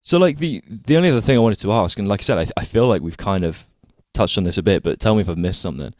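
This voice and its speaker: A man's voice: fairly low pitch, expressive, fast talker, darkish tone, no echo, studio quality. Hesitant British man hosting a podcast. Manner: hesitant, full of ums and restarts. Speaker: podcast host. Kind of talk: casual podcast interview.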